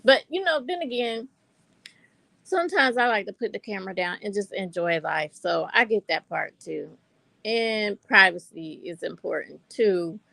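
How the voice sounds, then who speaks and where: A woman's voice: mid-range voice, moderate pace, creaky, sharp tone, no room sound. An older woman with a North Carolina Southern accent, chatting to viewers as a vlogger and telling a story, calling them y'all. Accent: North Carolina Southern American. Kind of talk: casual chat to camera.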